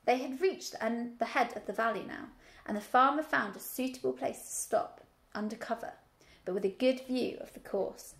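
A woman teacher reading a children's novel aloud in a steady storytelling manner. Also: a little high, moderate pace, vocal fry.

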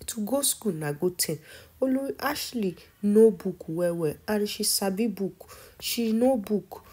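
Her voice is medium-pitched and warm with a breathy edge, carrying a Nigerian accent. In casual vlog commentary she speaks with admiring emphasis, repeating things to drive them home.

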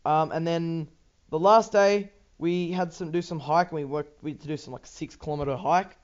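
Rambling Australian teen gamer, slightly high voice. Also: male voice, steady tone, moderate pace, highs cut off. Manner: rambling and distracted, swears, many ums and restarts. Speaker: gaming YouTuber. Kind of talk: casual gameplay commentary.

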